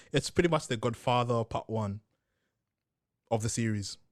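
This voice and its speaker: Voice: mid-range voice, measured pace, dry recording. A podcast co-host in casual chat, teasing with dry banter and laughing often.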